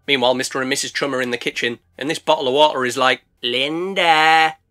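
A man's voice: medium pitch, fairly even intonation, racing, bright, forceful tone. A man narrating a cheeky, sweary comic movie recap. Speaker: movie reviewer.

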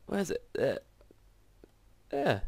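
A man commenting on his video game play in an excitable, exclaiming way. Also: sits high, very slow, gravelly, no room sound. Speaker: gaming channel host. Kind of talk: gameplay commentary.

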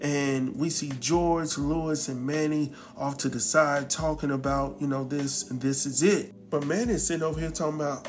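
A man's voice: on the high side, steady tone, moderate pace, hardly any pauses, soft background music. A man casually recapping a drama episode, acting out the characters' lines and talking back to them. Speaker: TV recap host.

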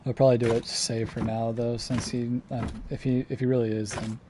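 Streaming a survival game, this man talks casually and swears, swinging between relaxed and exasperated. His voice is medium-pitched, flat and brisk, with background noise behind it.

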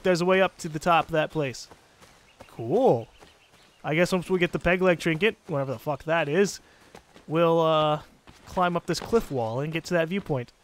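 A man with a central North American accent, giving casual let's play commentary, excitable and swearing freely. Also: high-pitched. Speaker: gaming commentator.

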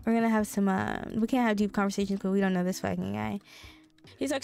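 A woman's voice: medium pitch, steady tone, quick pace, gravelly, a little mellow, smooth, soft background music. A young woman hosting a life sim let's play, chatting casually and swearing while she narrates. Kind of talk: casual game commentary.

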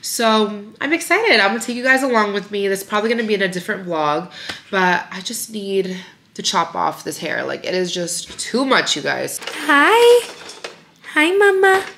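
A woman's voice: medium pitch, normal speed, creaky, a bit bright, a little hiss or hum. A young woman vlogging about her day as a mother, chatting casually with lots of "like" and "you guys", her voice nasal from a cold. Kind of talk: casual vlog chat. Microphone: handheld compact camera.

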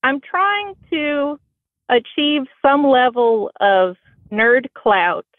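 A woman's voice: high-pitched, extremely slow, dry recording. A woman from Indiana with a Southern American accent, calling in to a podcast, talking in a dry, self-deprecating way. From Bloomington, Indiana. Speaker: caller. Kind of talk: phone-in call. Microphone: phone. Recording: tinny phone line.

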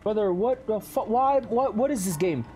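A man's voice: high-pitched, lively intonation, moderate pace, warm tone, slight background noise. A male streamer giving live commentary on a horror game, jumpy and swearing a lot while talking to his chat.

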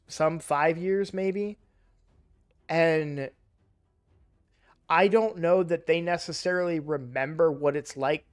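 A young man casually commenting on a mobile game he plays, rambling and correcting himself, louder and livelier when excited. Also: on the high side, clear, resonant tone. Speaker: gaming YouTuber.

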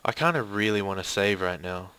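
A man's voice: fairly low pitch, lively intonation, bright, forceful tone, smooth, dry recording. A young man giving casual, joking commentary while playing a horror game, swearing now and then. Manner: joking, swearing, slow-paced. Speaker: let's play gamer.

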